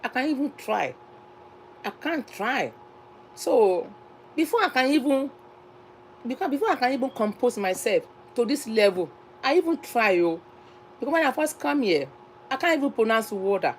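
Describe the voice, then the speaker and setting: A woman's voice: a little high, sing-song, moderate pace, long pauses, a little hiss or hum, low-quality recording. A woman from Nigeria with a Nigerian accent, hosting a casual live stream chat and talking in a chatty, repetitive, emphatic way.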